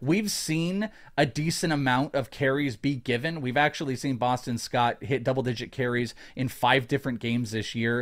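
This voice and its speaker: A man's voice: medium pitch, normal speed, hardly any pauses. A man hosting a podcast in a casual chat, enthusiastic, rambling and jokey. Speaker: podcast host.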